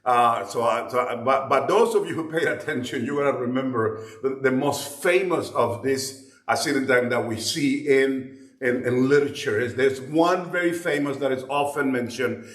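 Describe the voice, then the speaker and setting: A man's voice: mid-range voice, normal speed. Man teaching Bible lessons in an echoey room. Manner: explanatory, repeats words while thinking. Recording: roomy echo.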